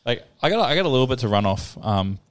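Fast-talking young Australian man. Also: mid-range voice, clean tone. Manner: swears a lot, animated storytelling. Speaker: podcast co-host. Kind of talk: casual chat.

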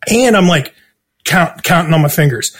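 A man's voice: fairly high pitch, moderate pace, slightly rough. A man telling a story casually, swearing a lot and laughing along as he goes. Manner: animated, swears constantly, laughs through the story. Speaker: storytelling guest.

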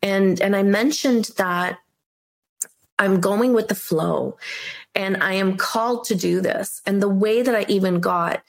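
Middle-aged woman guest, rambling and sincere, slight vocal fry. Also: mid-range voice, unhurried. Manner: earnest, rambling with many fillers and restarts. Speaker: medium, podcast guest. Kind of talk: casual interview talk.

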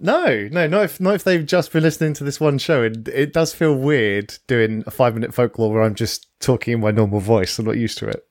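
Give me a man as a guest voice actor, chatting casually on a podcast. He tells animated, self-deprecating stories, tripping over his words at times. Middle pitch, close and dry. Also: a little fast, hardly any pauses, dry recording. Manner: animated storytelling, self-deprecating, stumbling restarts. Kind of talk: casual chat.

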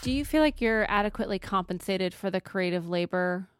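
A woman narrating a documentary in a measured, polished scripted delivery, who also puts questions to the guest. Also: medium pitch, animated, clean tone, no room sound, studio quality, faint music behind. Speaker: narrator and interviewer.

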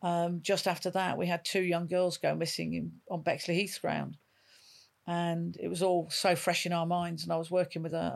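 A woman's voice: lowish voice, vocal fry. A woman in her fifties, a retired police dog handler, telling stories in an interview and acting out the dialogue she quotes. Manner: vivid storyteller who acts out quoted dialogue. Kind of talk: emotional storytelling in an interview.

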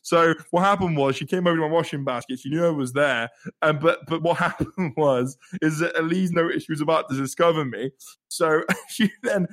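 Brief: young guy, slightly high voice, excitable storyteller who swears and laughs easily. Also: a little fast. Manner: animated, swearing, laughing, repeats words. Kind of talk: casual storytelling chat.

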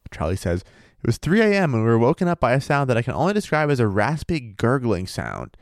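His medium-pitched voice swoops wildly up and down as he talks fairly quickly, captured in clean studio sound with no room noise. This man co-hosts a casual podcast, mixing read-aloud passages from a paranormal story with laid-back, profane banter and frequent laughter.

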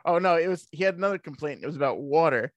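A man's voice: on the high side, animated, fast talker. A man co-hosting a casual podcast chat, blunt and sardonic in his remarks. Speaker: podcast co-host.

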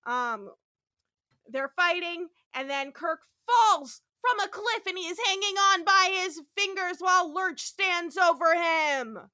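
A woman co-hosting a podcast, recapping an episode in casual chat, animated and swearing freely as she acts out the characters' lines. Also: very high-pitched, a little slow, few pauses. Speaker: podcast co-host.

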